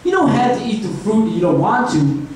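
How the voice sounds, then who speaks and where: Guy playing a sneaky horny young dude, wheedling, high voice, big echo. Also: very animated, brisk, a little mellow, slight background noise. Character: scheming lustful young man, Adam. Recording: echoey room from far off.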